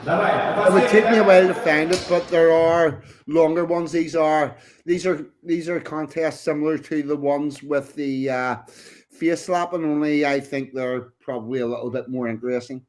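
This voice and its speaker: A man's voice: on the high side, fairly even intonation, moderate pace, noisy background. A man co-hosting a casual stream, giving short agreeing replies, laughing and cueing up clips. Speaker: co-host. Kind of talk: casual chat.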